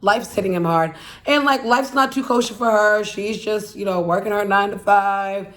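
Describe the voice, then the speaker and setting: A woman's voice: mid-range voice, normal speed, fairly bright tone. Rambling woman recapping a movie plot. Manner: rambling, heavy fillers of "like" and "you know"; blunt, swears freely. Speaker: YouTube channel host.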